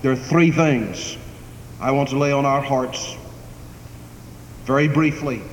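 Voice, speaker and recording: A man's voice: mid-range voice, slow. A man preaching a sermon as pastor, emphatic, swelling and dropping his volume for effect. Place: church sanctuary. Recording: echoey church hall, faint background noise.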